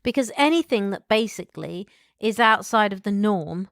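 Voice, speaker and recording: Woman co-host, measured and explanatory, smooth resonant tone, dry studio sound. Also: medium pitch, lively intonation, no echo. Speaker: podcast co-host. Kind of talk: casual podcast chat.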